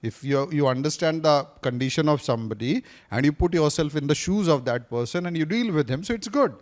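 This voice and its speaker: Leading a classroom lesson as a speaking coach, a man with a fairly high voice speaks animatedly and a little fast. His interactive lecture is probing and teacherly: he questions the room, repeats points, and occasionally switches into Hindi for a moment.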